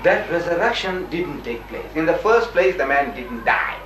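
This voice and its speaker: Animated older man debating in an echoey room. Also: on the high side, moderate pace. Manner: animated, acts out quotes in voices, emphatic. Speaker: Muslim debater. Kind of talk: lively debate with a missionary. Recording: roomy, distant mic, faint noise.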